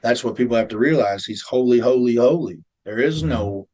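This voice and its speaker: A middle-aged man bluntly telling his life story as an interview guest, often dropping to a low, intense murmur. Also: moderate pace, a little mellow. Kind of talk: emotional personal storytelling.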